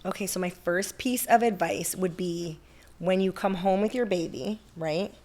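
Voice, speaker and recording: A woman's voice: lowish voice, moderate pace, a little mellow. A woman, a mother, giving blunt, playful advice in a casual chat. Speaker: guest mother.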